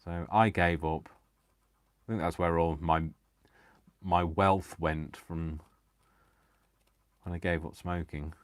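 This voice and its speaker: A man's voice: deep voice, steady tone, slow pace, long pauses, clear, resonant tone, no echo, clean studio sound. A man hosting a crafting livestream, chatting in a rambling, giggly, self-deprecating way. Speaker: craft channel host. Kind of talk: casual livestream chat while crafting.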